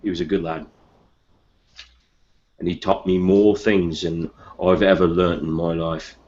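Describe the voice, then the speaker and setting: A man's voice: level tone, darkish tone. A man playing a bitter, grieving young outcast hunter, delivering a blunt, sweary in-character monologue in a tabletop game. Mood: wistful. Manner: brooding, blunt, sweary, low and slow. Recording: muffled lo-fi recording.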